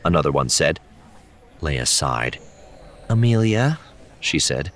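Brief: deep-voiced male narrator, very low, lively reading. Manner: expressive, measured. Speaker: audiobook narrator. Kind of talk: scripted narration.

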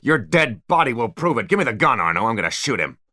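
A man's voice: low-pitched, sing-song, normal speed, dry recording, studio quality, full character voice. A man doing a ranting, unhinged tycoon villain. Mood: raging. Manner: ranting, shouting. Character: ruthless older male tycoon villain, unhinged.

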